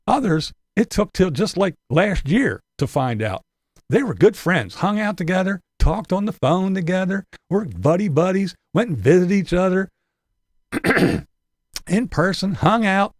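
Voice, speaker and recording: A man's voice: medium pitch, no room sound, studio quality. A man hosting his channel, giving rambling, profane commentary in a casual tone with frequent chuckles. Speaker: channel host.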